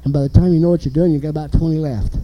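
A man preaching an informal sermon, animated and emphatic, asking the listeners questions. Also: a little high, racing, poor audio.

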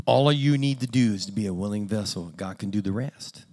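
A man's voice: on the low side, brisk, a little mellow. A man preaching a conversational sermon in a plain-spoken, self-deprecating way with dry humor.

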